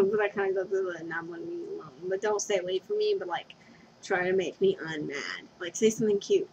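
Her voice sits fairly low and a little mellow, and she talks fairly quickly. She's a young vlogger giggling through a scatterbrained confession at home, often losing track of her point, captured on a dull lo-fi webcam with slight background noise.

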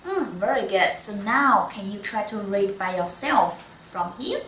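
Chinese-accented woman tutor, slow, careful, non-native English; bright tone, roomy sound at a distance. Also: medium pitch, lively intonation, slight background noise. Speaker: Mandarin teacher. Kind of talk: one-on-one online lesson. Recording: echoey room, voice from a distance.

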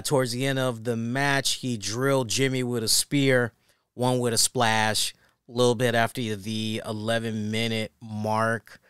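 A man's voice: mid-range voice, a bit bright, smooth, no room sound, clean studio sound. A man hosting a wrestling review show, giving casual commentary in a slangy, joking way.

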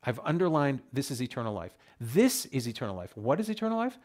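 A man's voice: mid-range voice, very animated, fast, few pauses, darkish tone. A man leading a Bible study, reading scripture aloud and reacting to the verses with emphatic exclamations. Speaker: Bible teacher.

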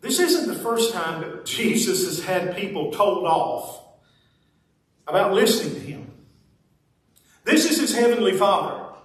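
A man's voice: high-pitched, very animated, unhurried, pauses often. A man preaching a sermon as pastor, folksy and conversational with playful asides. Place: church sanctuary. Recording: very echoey church sanctuary, mic at a distance.

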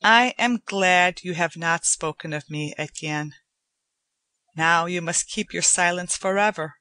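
A woman's voice: fairly low pitch, sharp tone, dry recording. A woman reading aloud, voicing an aging male cat who speaks as a grave, formal father. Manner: slow, formal, solemn.

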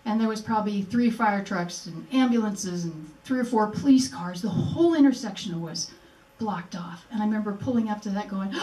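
An older woman's mellow, mid-range voice moves at a moderate pace with hardly any pauses as she earnestly shares her personal story at a memorial event. She voices remembered exchanges along the way. Captured in an echoey museum presentation room from a distant mic, the audio carries a little hiss or hum.

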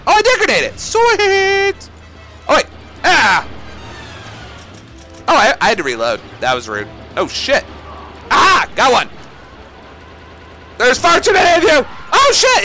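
Man, gaming commentary, high voice, gravelly, yelling, game music behind. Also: measured pace, pauses often. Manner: excitable, swearing, yelling at enemies. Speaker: gaming YouTuber. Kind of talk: let's play commentary.

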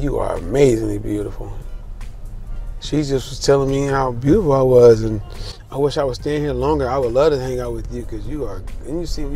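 A young man from the United States, speaking at a medium pitch, casually recounts a personal story as a travel vlogger. He's candid and animated, acting out the voices of the people he quotes.

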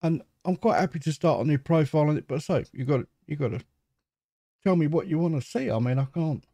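A man's voice: on the high side, quick pace, dark tone, no echo. Chatty rambling man in dry audio. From England. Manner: chatty, rambling, self-mocking. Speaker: gaming channel host. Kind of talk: casual gameplay commentary.

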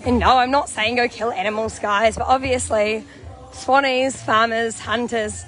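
A young woman with a New Zealand accent and a hoarse voice, chatting bubbly and casually as she vlogs on a phone at an outdoor protest camp. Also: a little high, measured pace, long pauses, a bit bright. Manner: bubbly, chatty, laughs often. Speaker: vlogger. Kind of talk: casual walking vlog. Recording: crowd chanting and music behind.

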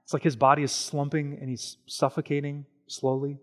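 A man preaching a sermon as pastor, animated and conversational, with slow, hushed stretches on solemn points. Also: fairly high pitch. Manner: animated and conversational, with everyday examples and quick asides.

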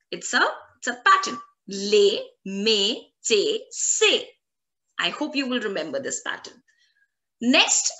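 A woman language instructor teaching an online lesson, repeating words slowly and clearly for learners. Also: sits high, pushed and bright. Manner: slow, drawn-out repetition of French words for learners.

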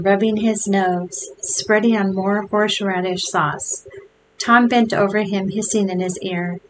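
A woman reading a children's novel aloud, expressive and shifting voices for the characters. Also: mid-range voice, a little hiss or hum, low-quality recording. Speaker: storybook reader.

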